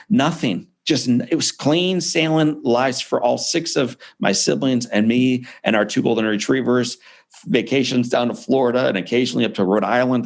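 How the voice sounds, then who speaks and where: A man's voice: medium pitch, vocal fry. A man being interviewed as an author, telling a personal story in an earnest, heartfelt way. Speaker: author and speaker, interview guest.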